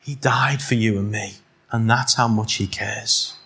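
His voice is lowish, husky and bright, forceful yet steady and unhurried. This middle-aged man from Liverpool, speaking with a Scouse accent, delivers a sermon full of rhetorical questions and teasing asides to the congregation.

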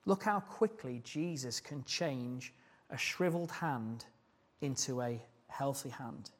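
A man's voice: mid-range voice, lively intonation, slow. A man preaching a sermon, earnest and putting questions to the congregation.

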